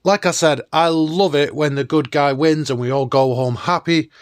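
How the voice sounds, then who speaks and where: A man hosting a nostalgic countdown video, talking in an enthusiastic, chatty way. His voice is clear and smooth, and it sits a little high. It is recorded dry and close. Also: fairly even intonation, normal speed, dry recording. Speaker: host.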